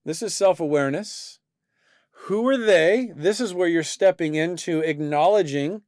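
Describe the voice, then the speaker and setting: A man with a fairly high, smooth and resonant voice hosts a faith-based discussion show. He talks earnestly and thoughtfully, often restarting his sentences. The sound is dry and close to the mic. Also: normal speed, darkish tone, no room sound. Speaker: host.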